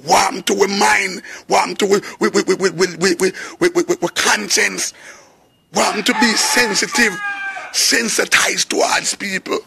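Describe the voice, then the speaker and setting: A man's voice: high-pitched, steady tone, normal speed, vocal fry, bright, forceful tone, a little hiss or hum. A man with a Jamaican accent makes an impassioned spoken appeal in a preaching, urgent way, sometimes slipping into sung phrases. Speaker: reggae artist.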